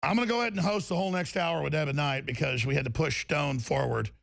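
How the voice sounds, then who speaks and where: A man's voice: on the high side, fast, creaky, fairly bright tone, dry recording. A man hosting a political talk radio show, ranting emphatically and restarting his sentences over and over. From Texas.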